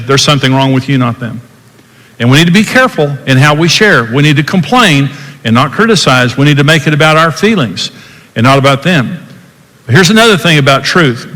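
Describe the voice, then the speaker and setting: An older man hosting a podcast teaches about marriage, earnest and emphatic, acting out quoted dialogue. His voice is on the high side with a sharp tone, and the recording carries a long hall reverb.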